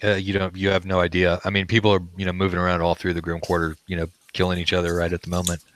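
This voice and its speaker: A man's voice: low voice, monotone, racing, fairly bright tone. A man narrating as game master, describing scenes in a loose, conversational way.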